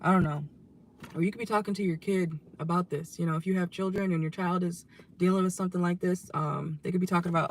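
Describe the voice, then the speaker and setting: Hoarse, chatty tarot reader in a car. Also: medium pitch, steady tone, fast, slight background noise. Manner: chatty, ends phrases with a questioning "okay?". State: losing voice, hoarse. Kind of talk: casual tarot reading to viewers. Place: inside a car.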